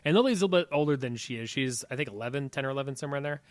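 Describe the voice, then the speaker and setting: A man in his thirties, a podcast co-host, telling a story in animated, casual chat with a lot of swearing. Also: mid-range voice, very fast, no echo.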